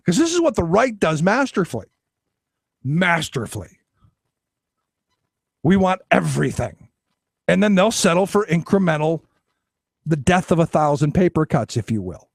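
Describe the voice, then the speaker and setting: A man's voice: on the high side, moderate pace, vocal fry, long pauses, slightly rough, dry recording. A man hosting a political talk radio show, delivering an opinionated, sarcastic monologue. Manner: animated, sarcastic, acts out quoted voices.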